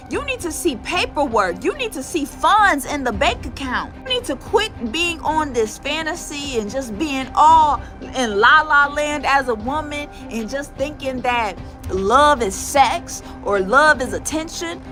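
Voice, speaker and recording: A woman delivering a preachy, scornful lecture on social media with strong emphasis. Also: high voice.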